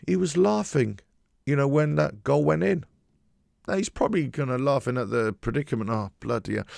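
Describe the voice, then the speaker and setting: Male fan host, very gravelly, dry close sound, emphatic opinionated monologue. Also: medium pitch, dry recording. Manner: emphatic, repetitive, frustrated. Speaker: football fan channel host. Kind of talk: opinionated solo commentary.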